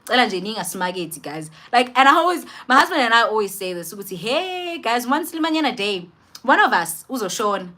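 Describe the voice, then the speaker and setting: A young South African woman telling an emotional personal story to her camera, emphatic and expressive, repeating phrases for weight. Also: on the high side, fast talker. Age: young adult. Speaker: vlogger.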